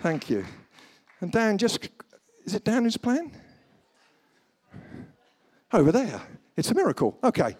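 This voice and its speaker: A man delivers a guest sermon to a church congregation, his fairly high voice swinging up and down as he tells stories. He leans into comic asides and briefly puts on funny voices before returning to his point. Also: measured pace, long pauses. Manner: animated storytelling, slips into comic voices. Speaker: guest preacher. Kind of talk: humorous sermon.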